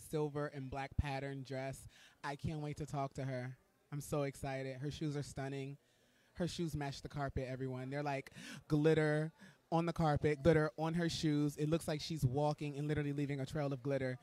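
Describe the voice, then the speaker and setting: A man hosting live red carpet commentary from an indoor event, gushing, excitable and campy as he talks to his viewers. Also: medium pitch.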